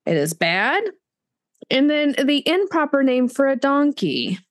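Lively chatty woman podcast host. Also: high-pitched, measured pace. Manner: chatty, animated, restarts and fillers. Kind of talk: casual book chat.

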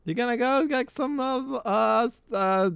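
High sing-songy lunch lady, crude and motherly, some guy putting her on, goes way up. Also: measured pace, creaky, a bit bright, clean tone, dry recording, exaggerated voice. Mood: crooning. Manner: sing-song, crooning, lewd. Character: crude, doting middle-aged lunch lady.

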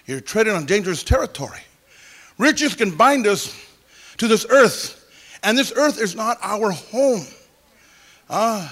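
Preaching a church sermon, this male pastor speaks high with big pitch swings, a little slowly and with long pauses, in a fairly bright tone. His folksy storytelling is exclamatory, punctuated by hallelujahs and praise the Lord, and he imitates music with sung syllables.

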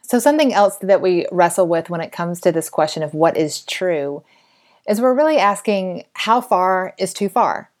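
A woman in her thirties hosting a faith podcast, telling a story with animated, laughing delivery. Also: lowish voice, moderate pace. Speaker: podcast host.

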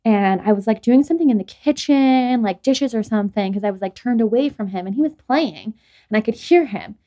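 A woman's voice: fairly high pitch, fairly quick, warm tone, lo-fi sound. A young adult woman hosting a podcast, telling stories in a rambling, casual way full of "like" and restarts. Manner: rambling, filler-heavy storytelling with frequent "like". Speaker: podcast host. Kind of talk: casual chat.

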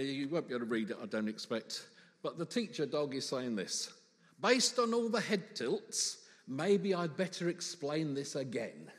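A man's voice: medium pitch, in a large hall. A man preaching a sermon in church, conversational and humorous, full of rhetorical questions.

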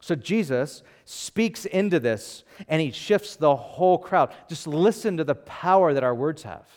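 A man preaching a sermon as pastor, animated and conversational, acting out voices from the story with casual fillers. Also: on the high side, a little slow.

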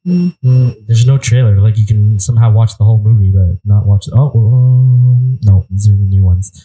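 A man's voice: fairly low pitch, normal speed, warm tone, poor audio. A man in casual chat, laid-back and agreeable, often repeating himself.

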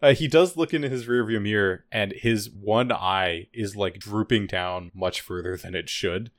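A man chatting casually about a TV episode on a podcast, animated and quick to laugh, acting out lines from the show. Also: lowish voice, no echo. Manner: animated, laughs often, acts out quotes. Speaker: podcast co-host. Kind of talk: casual TV recap chat.

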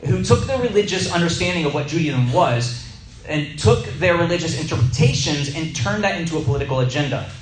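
A man teaching to a small group in a sermon style, telling a personal story and slowing down to stress key words. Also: fairly high pitch, animated, echoey room, a little hiss or hum, low-quality recording. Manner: conversational, stretches key words slowly for emphasis.

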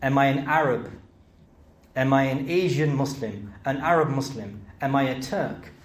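A man's voice: medium pitch, moderate pace. Earnest British man preaching in an echoey room. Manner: earnest rhetorical questioning, rising to emphatic peaks. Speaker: speaker. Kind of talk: sermon.

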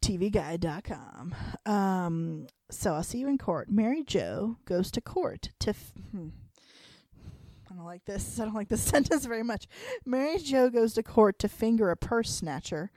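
A woman's voice: a little slow, no echo. A woman co-hosting a podcast in casual chat, chatty and laughing easily. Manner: chatty, laughs often, lively pitch swings. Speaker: podcast co-host.

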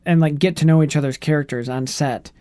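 Playful mid-pitched podcast co-host. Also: fast talker, warm tone, clear, resonant tone, no room sound. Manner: playful, breaks into silly put-on voices. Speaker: movie review podcast co-host. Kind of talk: casual chat.

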